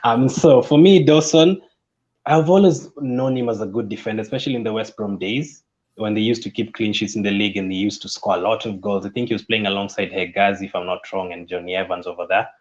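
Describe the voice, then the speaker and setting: A man's voice: lowish voice, fast talker, darkish tone, highs cut off. A man co-hosting a casual football chat, speaking steadily with many fillers. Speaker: football podcast co-host.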